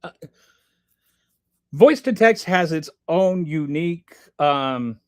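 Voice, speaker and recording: A man hosting a casual livestream, reading chat aloud and commenting in a rambling, animated way with many restarts. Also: on the high side, slow pace.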